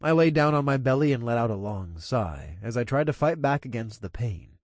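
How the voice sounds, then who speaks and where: A man reading an audiobook in the first person, telling an action scene with expressive, energetic storytelling. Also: medium pitch, moderate pace, no echo, studio quality. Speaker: narrator. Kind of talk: audiobook narration.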